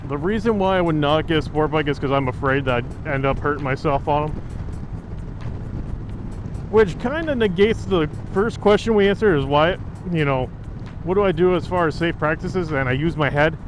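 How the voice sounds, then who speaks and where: A slightly high-voiced man riding a motorcycle through city streets, talking into his helmet mic. He rambles and cracks jokes, filling his sentences with casual asides. A faint wash of music sits underneath. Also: normal speed. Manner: joking, rambling, heavy on fillers. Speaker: motovlogger. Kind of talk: casual chat while riding.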